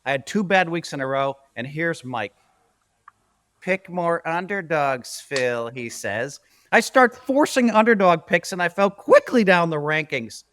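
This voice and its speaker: A man's voice: a little high, animated, normal speed, hardly any pauses, fairly bright tone. A man hosting a casual sports podcast, ranting emphatically and bantering with his co-hosts. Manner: emphatic, bantering, rant-style delivery. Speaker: podcast host.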